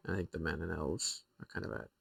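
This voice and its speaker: A man streaming a game, rambling through its lore, reading passages aloud and thinking out loud with fillers and self-corrections. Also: rumbling low, quick pace, creaky, slight background noise, poor audio.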